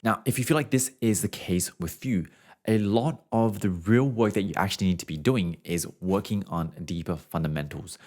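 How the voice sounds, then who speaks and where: A man's voice: low voice, moderate pace, a little mellow. A young adult man, a voice teacher, explaining singing technique in a casual way and showing it with hums and short scales.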